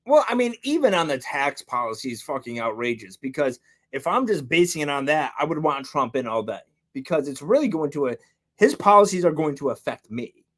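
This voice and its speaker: A man's voice: fairly high pitch, sing-song, fairly quick. A man co-hosting a podcast, talking in a heated, rambling way with lots of filler words and swearing. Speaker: podcast co-host. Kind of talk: casual chat.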